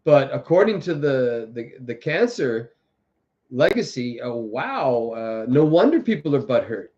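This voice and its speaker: A man's voice: mid-range voice, big pitch swings, measured pace, darkish tone. A man hosting a casual livestream, rambling through political commentary with many restarts and mocking quoted voices. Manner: mocks others with exaggerated quoted voices. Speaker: livestream host. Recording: dull lo-fi audio.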